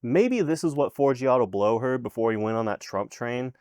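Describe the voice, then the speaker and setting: A man talks through a music review with exasperated sarcasm, swearing freely. His voice jumps up and down in pitch as he complains. The sound is dry and close, with no room around it. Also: expressive, moderate pace, darkish tone, clear, resonant tone, no room sound. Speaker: music reaction host. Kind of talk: casual album reaction commentary.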